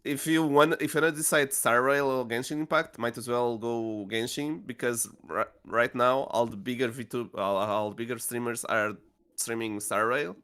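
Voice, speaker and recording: Man calmly giving streaming advice. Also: mid-range voice, normal speed, smooth. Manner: explaining patiently, filler-heavy. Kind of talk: casual podcast chat.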